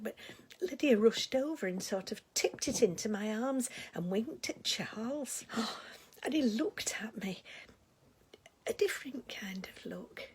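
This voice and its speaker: A woman's voice: fairly low pitch, full character voice. A woman playing a gossipy, sentimental older village lady in a comic monologue, with a chatty, rambling way of talking. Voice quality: very breathy, husky voice.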